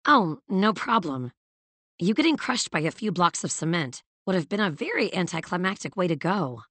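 A bold young woman assistant with a teasing bite, as a woman reader puts her on, her lines pitched a little higher and quick. She sounds spirited in an audiobook read. The recording is close and dry. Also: big pitch swings, fairly bright tone, no echo. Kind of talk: audiobook character voice.

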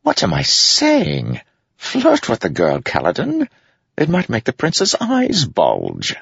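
A sly, mocking jester, as a narrator puts him on, playful and odd. His lines jump up high and swoop around. The gravelly voice sits under a dull, lo-fi sound. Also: huge pitch swings, normal speed, fairly bright tone, no room sound, full character voice. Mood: teasing. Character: odd, teasing older male jester.

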